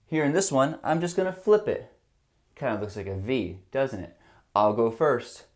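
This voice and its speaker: A man's voice: mid-range voice, lively intonation, normal speed. A male music teacher leading a remote lesson for young children, coaxing and upbeat, singing call-and-response songs. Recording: ukulele music loud behind. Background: ukulele.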